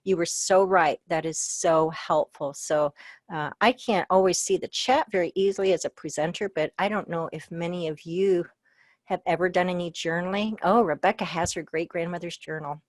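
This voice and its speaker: Low-voiced middle-aged woman presenting a webinar. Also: a little fast, dry recording. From Iowa. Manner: conversational and personal, with frequent "um" and light humor. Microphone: video call.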